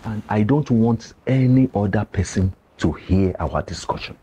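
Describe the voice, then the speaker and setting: An actor playing a grave, cautious male village elder with a Nigerian accent, who pleads slowly and speaks in proverbs. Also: fairly low pitch, animated, dark tone, lo-fi sound, a little hiss or hum, lightly acted. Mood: solemn.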